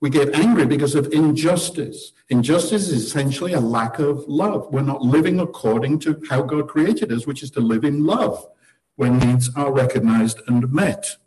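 Speaking at normal speed in a medium-pitched, darkish voice, a church teacher guides table discussion with a conversational sermon. He's earnest, asks rhetorical questions, and adds wry humor; the audio is poor.

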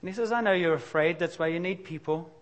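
A man's voice: fairly high pitch, fast talker. Candid, emphatic male preacher. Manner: candid, confessional, conversational with sudden emphatic bursts. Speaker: pastor. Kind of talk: sermon.

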